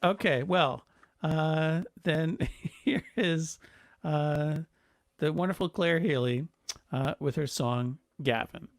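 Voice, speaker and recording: A man's voice: a little high, slow, dry recording. Hesitant male webcast host. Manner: hesitant, many fillers and restarts. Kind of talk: casual webcast hosting.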